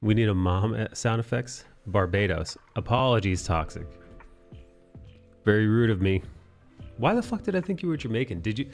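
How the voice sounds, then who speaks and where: Low-voiced, profane streamer chatting casually. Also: male voice, animated, moderate pace, faint music behind. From New York City. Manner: profane, joking, chatty with viewers. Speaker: livestream host. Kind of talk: casual chat while drawing.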